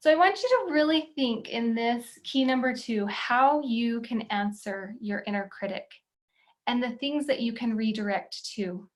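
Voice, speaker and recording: A woman's voice: on the high side, measured pace. A woman teaching a confidence workshop in an earnest, encouraging way, often asking the listener questions. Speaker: confidence coach.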